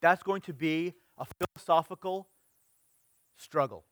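A middle-aged male pastor preaching in a conversational way, letting phrases trail off softly and sometimes rising into loud, mock-stern lecturing. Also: fairly high pitch, unhurried, no echo. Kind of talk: sermon.

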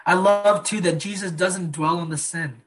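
Earnest preacher man, higher voice. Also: fairly even intonation. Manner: earnest, slows down and drops soft on key phrases. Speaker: pastor. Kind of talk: sermon.

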